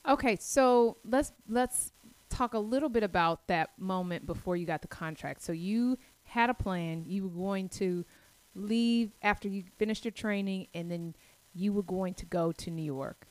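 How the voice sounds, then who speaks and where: A woman hosting a podcast interview, attentive and quick with short affirmations. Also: medium pitch, darkish tone, no echo, low-quality recording. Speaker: podcast host.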